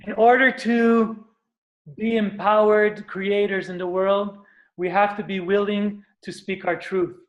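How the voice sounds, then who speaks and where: A man's voice: high-pitched, a little slow, lo-fi sound. Earnest man giving a spiritual talk. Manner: earnest, animated, acts out screams and stomps. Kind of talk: motivational talk.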